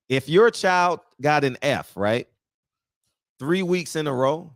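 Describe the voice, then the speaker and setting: A man's voice: on the high side, no echo, studio quality. A man hosting a casual talk show, speaking bluntly and profanely, often laughing at his own jokes. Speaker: podcast host.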